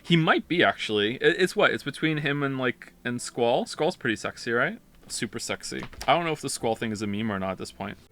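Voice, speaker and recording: A man's voice: medium pitch, animated, brisk, a bit bright, slight background noise. A man streaming a game live, chatting casually, rambling and interrupting himself while reading chat aloud.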